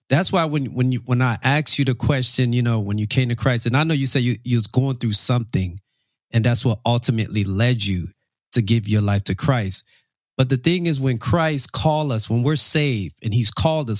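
A man's voice: medium pitch, no room sound, clean studio sound. Earnest man hosting a faith podcast. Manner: earnest, animated, preacherly. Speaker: podcast host.

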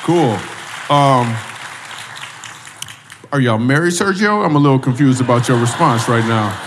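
A male stand-up comic works the crowd on a church hall stage, teasing audience members and repeating his questions. His mid-range voice moves at a measured pace, with a faint hiss or hum. The reverberant hall is picked up from a distance.

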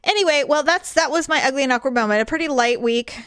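A middle-aged woman co-hosting a podcast, telling funny stories with lots of laughter and squeaky acted-out quotes. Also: fast, a bit bright, smooth, no room sound, clean studio sound. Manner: laughs often, acts out quotes in high chirpy voices. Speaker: podcast co-host. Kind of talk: casual chat.

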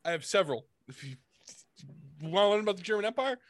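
A man with a notably high-pitched voice bantering on a podcast and laughing often. He jokes and teases loosely. The recording is dry and close, with no room echo. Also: sing-song, quick pace. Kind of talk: casual chat.

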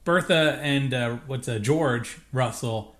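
A man co-hosting a podcast, talking casually in a relaxed, rambling way with many hesitations. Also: medium pitch, slow pace. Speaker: podcast co-host. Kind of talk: casual chat.

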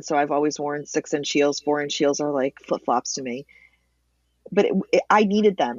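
A woman guest in a candid interview, telling her own story with animated, emotional storytelling. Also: low voice, slightly rough, no room sound, rough recording. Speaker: interview guest, cancer advocate.

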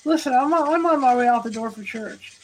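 A patient but guarded young woman in an audiobook, answering in short, evasive bursts, as a woman narrator reads her. The voice is high-pitched. Faint noise lies under it. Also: fairly quick, lightly acted, poor audio.

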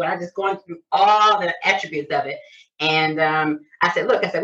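A middle-aged woman from Detroit, a chiropractor, telling lively stories in a casual interview. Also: low-pitched, fairly quick. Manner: animated storyteller, acts out quoted voices. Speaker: guest, chiropractor. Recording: distant lo-fi sound.

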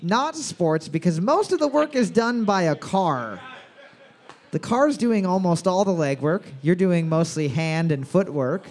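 A man with a high, expressive, slightly mellow voice hosts bar trivia night over a microphone. He reads each question twice, slowly, and fills the gaps with crude, profane jokes.

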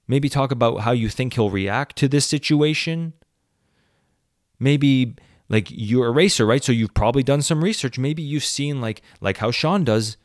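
A man's voice: medium pitch, no room sound, studio quality. A man hosting a solo podcast, ranting sarcastically with plenty of swearing. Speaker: podcast host.

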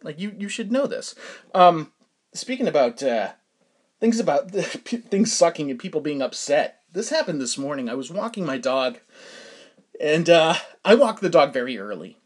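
A man's voice: on the high side, sing-song, normal speed. A man hosting a podcast, telling a story in a casual chatty way, laughing often and stumbling over fillers and restarts. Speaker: podcast host.

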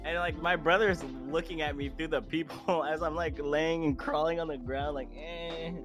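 A man's voice: on the high side, moderate pace, over music. Laughing young man telling a wild story. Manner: animated storytelling with laughs and voice impressions. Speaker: podcast co-host. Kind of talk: casual chat.

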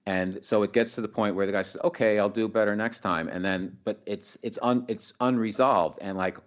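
A man interviewing a guest in casual conversation, halting and restarting as he plays out examples. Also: on the low side, dull audio.

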